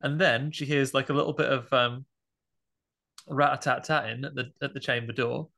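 A man co-hosting a podcast, joking his way through a horror film with quick, playful remarks. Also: mid-range voice, fairly even intonation, creaky, bright, forceful tone. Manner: jokey, slips into silly put-on voices. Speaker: podcast co-host. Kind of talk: casual film discussion.

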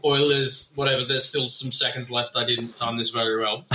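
A man's voice: medium pitch, level tone, normal speed, pushed and bright, slight background noise. An Australian man leaving a casual voicemail, swearing freely and ranting with mock anger. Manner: profane, blustering, mock-angry. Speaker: voicemail caller.

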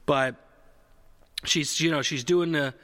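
A man with a bright, forceful voice and a slightly high pitch, telling a rambling comedic story in an easy, casual way. He corrects himself mid-sentence, circles back often and swears without a second thought. The sound carries a long hall reverb. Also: slow pace.

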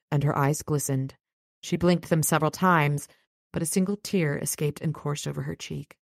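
A woman reads a novel aloud and sums it up in her own words, relaxed and a little halting. Her voice is low, and the recording is dry and close. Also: creaky, no room sound. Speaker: podcast host reading and recapping a novel. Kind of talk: casual book reading and recap.

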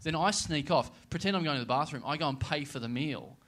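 A man co-hosting a live comedy podcast, swearing freely while rambling through animated anecdotes. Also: on the high side, quick pace. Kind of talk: live podcast banter and storytelling.

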